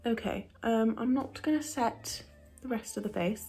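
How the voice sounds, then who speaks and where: A woman's voice: a little high, normal speed, mellow, faint music behind. A young woman in her twenties doing a chatty get-ready-with-me makeup vlog, rambling with lots of asides. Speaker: beauty vlogger and aspiring actress.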